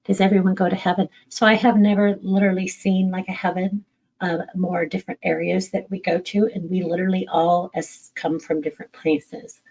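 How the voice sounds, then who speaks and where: A middle-aged woman, a medium, chats through viewer questions in a frank, unpolished way, cursing casually and poking fun at herself. Her voice sits a little low, with a gravelly edge and a husky texture. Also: flat delivery, brisk, a little mellow, poor audio. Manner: candid, blunt, swears casually, laughs at herself. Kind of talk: casual live-stream Q&A.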